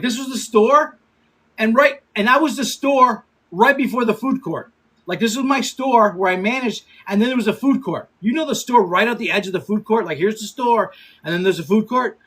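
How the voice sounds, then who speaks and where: A man in his fifties hosting a casual livestream. He laughs often, swears freely and gives quick shout-outs to viewers. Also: high-pitched, breathy edge, low-quality recording. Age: 50s. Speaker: livestream host.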